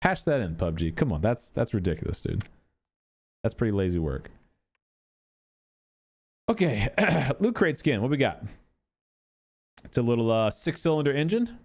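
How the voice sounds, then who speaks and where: Animated male gamer ranting casually. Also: mid-range voice, normal speed, pauses often. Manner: animated, exasperated ranting with profanity. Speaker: gaming content creator. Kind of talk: casual game commentary.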